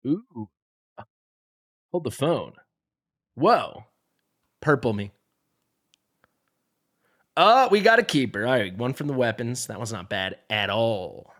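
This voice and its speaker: Animated man griping through game gear. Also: mid-range voice, takes it slowly, long pauses. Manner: exasperated, joking, playfully dramatic. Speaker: game streamer. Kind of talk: live gameplay commentary.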